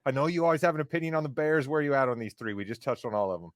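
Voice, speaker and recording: A man hosting a casual sports podcast, ribbing his co-hosts with quick banter. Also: medium pitch, no room sound, studio quality. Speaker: podcast host.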